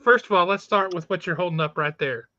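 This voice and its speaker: An excitable man gushing in casual chat about comics, his voice high and very bright. The sound is dry and a little dull, with no room around it. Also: fast talker, no room sound. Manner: enthusiastic, exclamatory. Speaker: podcast co-host.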